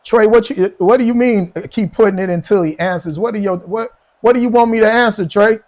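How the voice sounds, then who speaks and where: High-voiced man teasing his chat. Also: a little fast, darkish tone. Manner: rambling, repeats "man" and "you know what I'm saying"; teasing, chuckling often. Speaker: gaming live streamer. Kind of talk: casual live-stream banter with chat.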